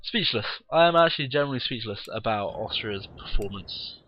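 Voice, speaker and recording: A man's voice: medium pitch, animated, brisk, no room sound, highs cut off. A tired man who yawns now and then, giving casual, rambling, blunt commentary on a game replay and swearing freely. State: tired, yawning.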